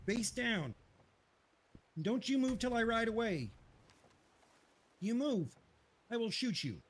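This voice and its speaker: A threatening outlaw, put on by a man, with a high, bouncy voice that swings up and down. He drawls his orders slowly, half menacing and half cartoonish. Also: big pitch swings, exaggerated voice. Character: menacing male outlaw robbing a ranger. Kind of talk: live roleplay stream voice chat.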